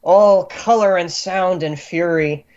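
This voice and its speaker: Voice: medium pitch, slow pace, a little mellow. Tabletop game master narrating a scene. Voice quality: descriptive narration with frequent fillers. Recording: muffled lo-fi recording.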